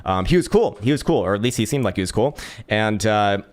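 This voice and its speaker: His voice sits on the low side and moves along fairly quickly as the San Francisco man recounts something from his own life on his channel. The mood is easygoing, peppered with swearing, repeated-word slips, and regular fits of laughter.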